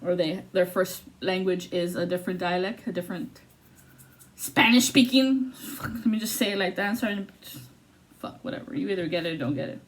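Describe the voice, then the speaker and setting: A woman giving a casual, profane tarot reading, swinging between loud outbursts and low muttering. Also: brisk. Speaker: tarot reader.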